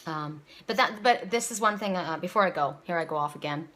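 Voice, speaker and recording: A woman's voice: fairly low pitch, brisk, a bit bright. A woman giving a casual, rambling spoken oracle reading, repeating her words and near tears at times. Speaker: psychic reader. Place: home, seated.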